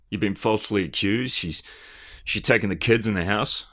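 A man's voice: on the low side, normal speed, hardly any pauses, fairly bright tone. A man giving a rambling, earnest and emphatic commentary, often restarting his phrases. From Australia.

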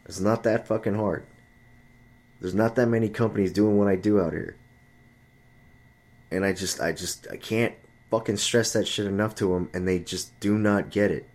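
Here a man with fairly even intonation and a slightly mellow sound talks at a moderate pace, pausing often. His casual rant about friends and dating is profane and exasperated, with sudden high-pitched impressions of chatty friends and women.

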